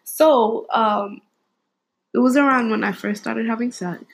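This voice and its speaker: A woman's voice: a little high, a little slow, vocal fry, a little hiss or hum, poor audio. A young woman in casual chat, telling a candid story and swearing freely.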